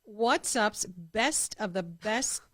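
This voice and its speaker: A woman hosting a podcast in a casual interview chat, lively and quick to laugh. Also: medium pitch, dry recording. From El Paso, Texas. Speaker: podcast host.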